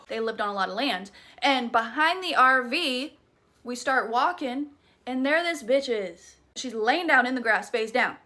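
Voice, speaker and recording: A woman's voice: on the high side, lively intonation, unhurried, bright, forceful tone. A young woman with a Southern US accent, dramatically telling a scary story in a chatty, profane, casual way. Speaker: TikTok creator.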